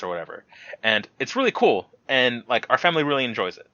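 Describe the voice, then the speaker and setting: A young man guesting on a casual podcast, telling stories in a lively way and imitating the people he talks about. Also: mid-range voice, quick pace, no echo, dull audio. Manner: animated storyteller, mimics people he describes.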